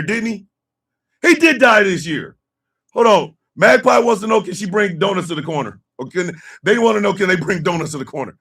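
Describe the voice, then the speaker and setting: Man, host, casual live chat, constant laughter, loud outbursts, husky, a bit off-mic. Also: sits high, far from the mic.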